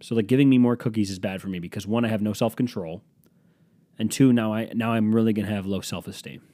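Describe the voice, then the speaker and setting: A man's voice: fairly low pitch, steady tone, quick pace, dark tone, no room sound. A young man hosting a solo podcast, rambling in a jokey, self-deprecating way with some swearing. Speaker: podcast host.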